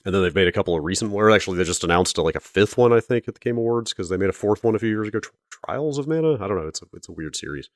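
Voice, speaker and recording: A man co-hosting a podcast, chatting quickly and knowledgeably about video games with some hedging. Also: on the low side, animated, no room sound, clean studio sound. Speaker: podcast co-host.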